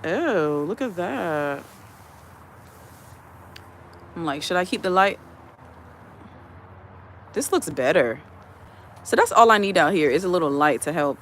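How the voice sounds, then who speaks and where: An American livestream host sits outdoors on a chilly evening, casually greeting viewers one by one and reading their comments into a phone from behind the camera. The mid-range, fairly bright voice has lively intonation, normal speed and long pauses. There is a little hiss or hum.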